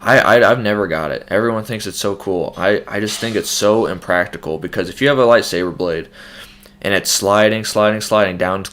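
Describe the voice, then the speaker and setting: A man's voice: fairly low pitch, a little fast, fairly bright tone. Casual young man breaking down a trailer. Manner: loose, speculative, many fillers and restarts. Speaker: host.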